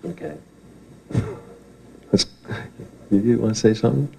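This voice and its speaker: A man's voice: mid-range voice, measured pace, vocal fry, darkish tone, a little hiss or hum, low-quality recording. Rambling, heated man addressing a crowd. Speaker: speaker at a live event. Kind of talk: talk to a live audience. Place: event room with an audience.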